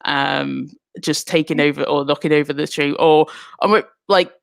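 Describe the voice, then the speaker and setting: Low-voiced giggly comedian, dry sound. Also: female voice, steady tone, moderate pace, creaky, no echo. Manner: giggly, hesitant, many ums. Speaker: comedian guest. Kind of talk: casual interview chat. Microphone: video call.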